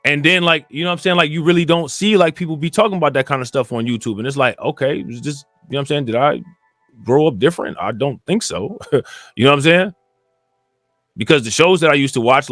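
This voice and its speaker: A man from Cleveland talking in a casual, rambling commentary monologue. He often repeats filler phrases and gets more animated when indignant. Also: medium pitch, fast talker, no room sound, faint music behind. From Cleveland, Ohio. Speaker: commentary channel host.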